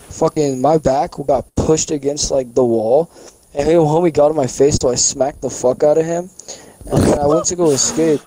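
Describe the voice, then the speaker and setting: A man's voice: a little high, mellow, slight background noise, low-quality recording. A young man co-hosting a casual podcast, telling a long rambling story full of swearing and fillers. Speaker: podcast co-host. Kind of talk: casual chat.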